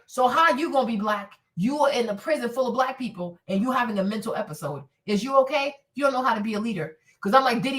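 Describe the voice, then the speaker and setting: A woman giving blunt, profane, animated reaction commentary, often laughing and raising her voice. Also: high voice, recorded from a distance. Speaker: commentary streamer.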